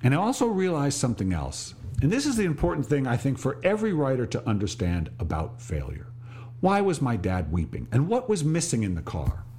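A middle-aged man and podcast host telling a reflective personal story, slowing on details and restarting phrases. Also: medium pitch, wildly swooping pitch, warm tone, breathy edge. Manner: reflective, pauses and restarts, slows on vivid details.

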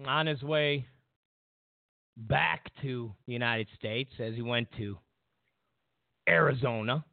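Male show host, gravelly and slow, mocking rambling commentary, phone-quality audio. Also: mid-range voice, no echo. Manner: rambling, many fillers and restarts, mocking quotes. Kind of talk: political commentary monologue. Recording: dry tinny phone-like sound.

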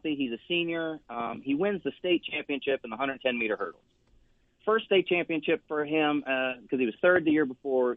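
A man who writes a newspaper column, calling in as a guest and speaking earnestly with many halting restarts. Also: fairly high pitch, dry recording. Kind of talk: call-in interview. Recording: thin phone-line sound.

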